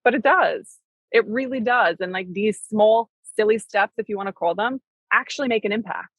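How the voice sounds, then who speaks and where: A woman's voice: mid-range voice, normal speed, no room sound, lo-fi sound. A young adult woman co-hosting a casual talk show, speaking earnestly and reflectively. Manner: earnest, reflective, says "right?" and "like" often. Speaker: podcast co-host. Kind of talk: casual conversation.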